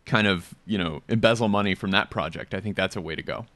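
A man's voice: low-pitched, pushed and bright, no echo. A man hosting a podcast panel in casual chat, joking and filling his talk with "um" and "you know". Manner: joking, fast, full of fillers. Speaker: podcast host.

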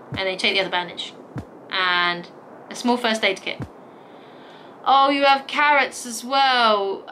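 Bright-voiced woman gaming. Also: fairly high pitch, slight background noise. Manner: chatty and joking, reading dialogue aloud. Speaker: let's play gamer. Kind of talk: casual gameplay commentary.

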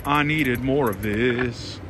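A man giving excited live commentary as he plays slots in a casino, pleading with the machine and making dramatic exclamations. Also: medium pitch, slow pace. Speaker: slot machine vlogger. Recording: loud casino slot machine music behind. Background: slot machine music.

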